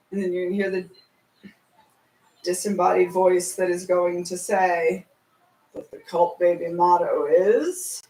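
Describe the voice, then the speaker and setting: A woman pitching her musical in casual chat, breaking into sung and chanted lyrics. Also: darkish tone, distant mic. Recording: roomy, from off mic.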